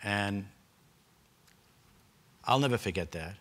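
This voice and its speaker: Older Boston man, panel storyteller, earnest, bright and lowish voice. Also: animated, slow. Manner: earnest, with repeated restarts and brief laughs. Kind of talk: personal storytelling at a public forum.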